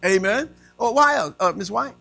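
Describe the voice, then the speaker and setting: High-voiced gravelly male preacher. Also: animated, moderate pace, sharp tone. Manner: call-and-response preaching with congregation. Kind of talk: sermon.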